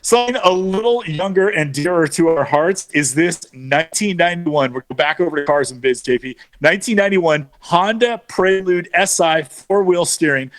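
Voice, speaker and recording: Male co-host, knowledgeable, specs-heavy casual chat, a bit high-pitched, dry sound. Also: normal speed, hardly any pauses, dry recording. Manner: knowledgeable, states numbers and specs. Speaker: co-host of a car auction show.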